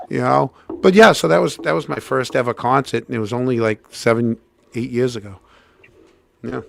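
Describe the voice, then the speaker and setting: With vocal fry and a moderate pace, a middle-aged co-host animatedly recounts a story on a casual show in a dry recording. He performs people's quotes, hopping up and down in pitch.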